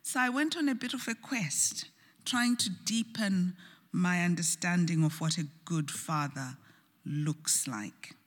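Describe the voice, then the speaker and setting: A woman preaching a sermon, telling a story slowly and earnestly with soft, hushed moments, recorded in a church. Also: fairly low pitch. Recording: church hall with long reverb.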